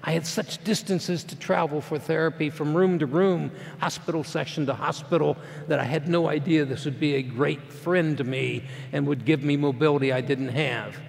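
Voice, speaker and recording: A middle-aged man speaking as a motivational speaker, telling a personal story to a live audience in a plainspoken, folksy way that swings between hushed and loud. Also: on the high side, fairly even intonation, normal speed, gravelly, few pauses. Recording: long hall reverb.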